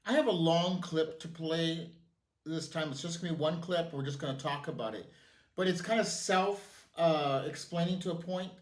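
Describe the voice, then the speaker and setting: Halting male host in a roomy space. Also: a little high. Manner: halting, with fillers. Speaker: podcast host. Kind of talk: casual show intro. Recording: roomy echo.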